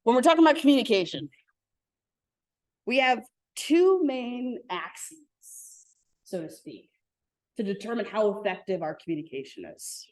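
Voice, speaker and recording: A woman leading an interactive communication workshop for a live group, acting out example lines with lively emphasis. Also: on the high side, measured pace, pauses often. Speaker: workshop facilitator. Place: room with live audience. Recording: echoey room.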